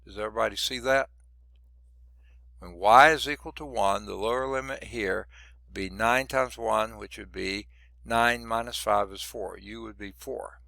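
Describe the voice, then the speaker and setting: A man who is losing his voice teaches a math lesson, working through each step out loud with muttered asides. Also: fairly low pitch, steady tone, moderate pace, creaky, dry recording. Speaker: math instructor. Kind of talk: recorded lecture working through problems.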